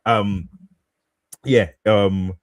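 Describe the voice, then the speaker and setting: A man's voice: lowish voice, steady tone, very slow. A man co-hosting a podcast in casual chat, rambling and hesitant, often restarting his sentences, on a studio mic. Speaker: podcast co-host.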